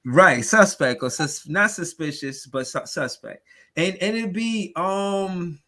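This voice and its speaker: A man's voice: high voice, slow pace, sharp tone. A man hosting a sports podcast in casual, rambling talk full of filler phrases. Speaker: podcast host.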